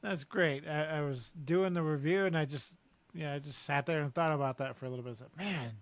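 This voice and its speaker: High-voiced guy co-hosting a book podcast, laughs a lot, dry close sound. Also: dry recording. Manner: animated, laughs easily, quick asides. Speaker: podcast co-host. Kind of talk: casual book discussion chat.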